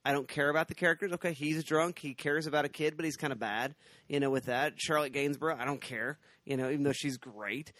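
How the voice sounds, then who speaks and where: A man co-hosting a podcast, giving a weary, deadpan movie review in casual chat. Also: on the high side, quick pace, no room sound. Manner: weary, deadpan, repeats himself. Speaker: podcast co-host.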